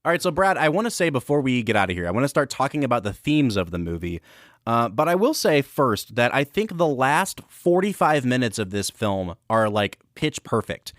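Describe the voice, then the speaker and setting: Man, podcast co-host, enthusiastic film talk, mid-pitch voice, dry close mic. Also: sing-song, moderate pace, fairly bright tone, no room sound. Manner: enthusiastic, analytical. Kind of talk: casual film discussion.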